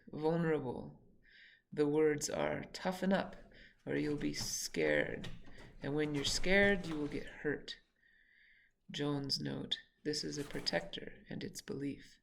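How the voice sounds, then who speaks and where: A woman reading her own memoir aloud in a reflective, halting way, sometimes correcting herself mid-sentence. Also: low-pitched, lively intonation, creaky, slight background noise.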